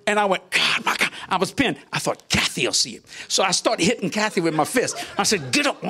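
An older man, a minister, telling a lively personal testimony in a colloquial way, laughing often and jumping his pitch when he quotes people. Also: fairly quick, breathy edge. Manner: animated, laughing, colloquial, voices quotes with big pitch jumps. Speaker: guest minister. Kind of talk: testimony storytelling.

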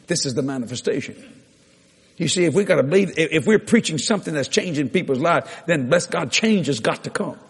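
A man preaching a sermon, telling a story with lively acted-out dialogue and repeating his key lines for emphasis. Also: fairly high pitch, a little fast, slightly rough. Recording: long hall reverb.

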